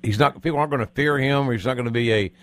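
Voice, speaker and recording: A man's voice: medium pitch, racing. A man hosting a podcast, chatting in a folksy, rambling way. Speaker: podcast host, former wrestling announcer. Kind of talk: casual podcast chat.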